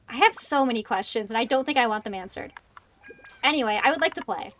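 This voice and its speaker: A woman in her twenties chatting excitedly on a gaming livestream, making self-deprecating asides into a close desk microphone. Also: fairly high pitch, fairly quick, slight background noise. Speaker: streamer. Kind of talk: casual gaming livestream chat.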